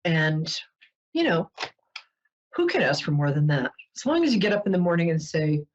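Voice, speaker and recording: Brief: New York woman, psychic show host, low husky voice, lively swoops, joking, chatty, muffled lo-fi sound. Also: moderate pace. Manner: playful, joking, digressive. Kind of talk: casual chatty monologue. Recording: dull lo-fi webcast audio.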